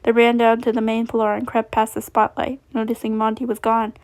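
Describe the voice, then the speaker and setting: A woman reading a fan fiction story aloud, steady, with frequent slips and restarts. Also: fairly high pitch, fairly quick.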